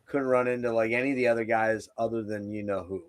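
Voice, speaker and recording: A man's voice: fairly low pitch, fairly even intonation, quick pace, clear, resonant tone. A man hosting a podcast, telling a rambling, profane, jokey story in casual chat. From Philadelphia area, United States. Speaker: podcast host.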